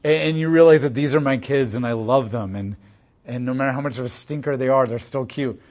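A man with a voice of ordinary middle pitch teaches through a scripture passage. He reads the verses aloud and then explains them in loose, everyday phrasing. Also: brisk, darkish tone. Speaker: Bible teacher.

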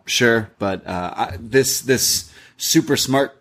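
A man's voice: medium pitch, slow pace, fairly bright tone. A man co-hosting a casual wrestling review podcast, upbeat and joking. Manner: upbeat, joking, laughs often. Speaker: podcast co-host.

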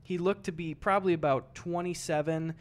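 A man's voice: a little high, fairly even intonation, brisk. A man co-hosting a podcast, telling a story in casual chat with lots of swearing and acted-out quotes. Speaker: podcast co-host.

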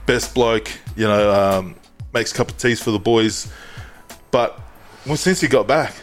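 A man's voice: fairly low pitch, measured pace, faint music behind. A man hosting a podcast, joking crudely with a mate and laughing often. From Australia. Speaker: podcast host. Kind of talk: casual banter.

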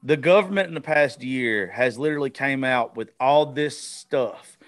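A man's voice: mid-range voice, normal speed. A male podcast host in casual, profane chat, often stumbling and restarting his sentences.

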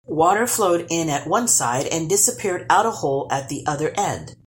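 A woman storyteller reading a children's storybook aloud with expressive, animated narration. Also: sits low, moderate pace.

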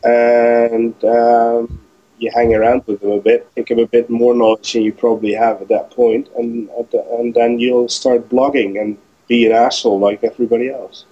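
A man's voice: medium pitch, level tone, normal speed, mellow, muffled recording. A man as a guest on a radio show, bantering with dry, teasing humor.

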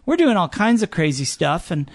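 A man's voice: high voice, sing-song, normal speed, no room sound. A man in his forties telling rambling stories in a casual podcast chat, with many fillers and restarts. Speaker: guest, gondola company owner.

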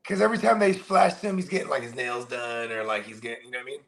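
A man chatting casually on a movie podcast in relaxed, joking banter. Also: mid-range voice, fast, gravelly, low-quality recording.

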